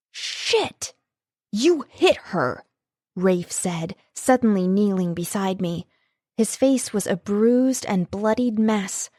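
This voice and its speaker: Woman narrator, emotive first-person audiobook read, medium pitch, dry close sound. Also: a little mellow, no room sound. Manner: emotive reading.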